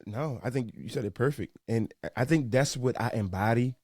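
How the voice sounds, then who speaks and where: A young man from Baltimore, a sports reporter guesting on a podcast, talking earnestly with a few halting restarts. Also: medium pitch, a little mellow, breathy edge, no echo, clean studio sound. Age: young adult. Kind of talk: casual podcast chat.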